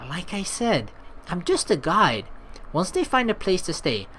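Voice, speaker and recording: Woman as young male guide, lowered voice, blunt and offhand. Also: big pitch swings, unhurried, a bit bright, slight background noise. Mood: flat.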